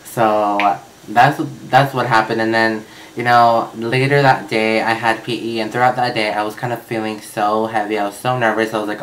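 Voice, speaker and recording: A man's voice: lowish voice, level tone, moderate pace, fairly bright tone, slight background noise, poor audio. Young man telling a story, swearing freely. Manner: chatty, swears freely, many fillers. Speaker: vlogger. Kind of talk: casual storytelling.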